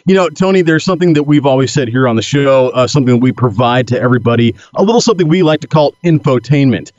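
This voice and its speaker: A man's voice: medium pitch, expressive, quick pace, a little mellow, no room sound, muffled recording. A man co-hosting a podcast in casual chat, upbeat and promotional. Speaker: podcast co-host.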